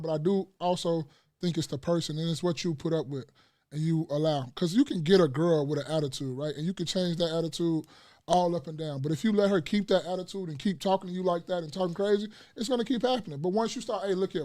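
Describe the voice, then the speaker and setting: A man's voice: sits high, fast talker, darkish tone. A middle-aged man as a podcast guest in casual chat, blunt and profane, telling stories animatedly.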